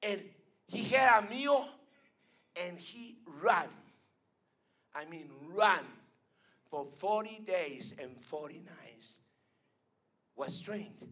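A man preaching a sermon at an evening church service, swinging between loud emphatic calls and hushed lines. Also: sits high, animated, very slow, long pauses, slightly rough.

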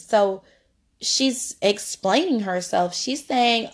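A woman's voice: fairly high pitch, slow, a little mellow. A woman hosting a podcast Bible study, teaching in a chatty, informal way and laughing easily. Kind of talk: casual devotional teaching.

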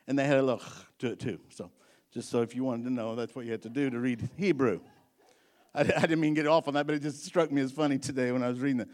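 A man's voice: mid-range voice, steady tone, fast talker. A male pastor giving a midweek sermon in a church, chatting folksily between readings and rising to fervent preaching. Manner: rises to fervent, loud preaching when reading and praying. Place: church sanctuary.

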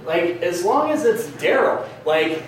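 High-voiced comedian on an echoey stage. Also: male voice, big pitch swings, a little slow, a little hiss or hum. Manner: rambling, crude, self-mocking. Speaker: stand-up comedian. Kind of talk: stand-up comedy set. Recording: echoey live club recording from a distance.

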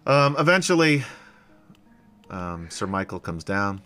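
A man's voice: mid-range voice, sing-song, normal speed, fairly bright tone. A man running a tabletop role-playing game over voice chat, narrating loosely and laughing often. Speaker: game master.

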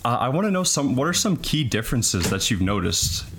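A man's voice: medium pitch, sing-song, brisk, background noise. A young man with a Canadian accent, co-hosting a podcast in a laid-back, laughing way and asking questions. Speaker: co-host. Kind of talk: casual podcast chat.

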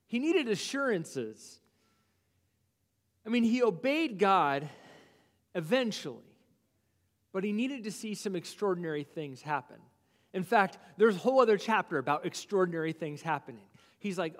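A male pastor preaching, who animatedly acts out biblical figures' objections in quick asides. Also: high voice, sing-song, in a large hall. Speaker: lead pastor. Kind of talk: sermon. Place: church sanctuary.

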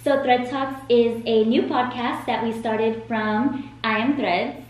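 A woman's voice: a little high, steady tone, slow pace, darkish tone. A woman co-hosting a podcast, chatting in an enthusiastic, casual way. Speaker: podcast co-host. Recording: very echoey room, faint noise.

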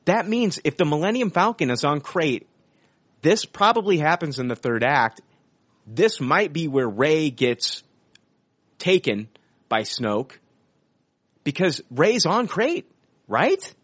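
A man co-hosting a podcast, talking excitedly about a film trailer and swearing casually. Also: on the high side, slow pace, long pauses, no echo. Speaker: podcast co-host.

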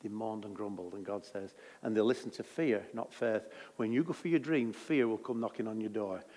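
A man's voice: lowish voice, normal speed, mellow, long reverb tail. A man preaching a sermon in a jokey, conversational way.

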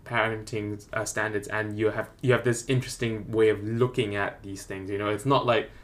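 A man's voice: fairly low pitch, little pitch movement, moderate pace. A man in casual chat about a book, rambling and full of filler words. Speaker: podcast co-host discussing a book.

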